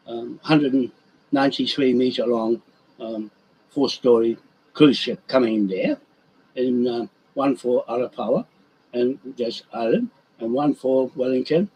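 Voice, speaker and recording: A man's voice: mid-range voice, mellow, a little hiss or hum, low-quality recording. A man in a rambling monologue, drifting off topic and talking heatedly to his animals.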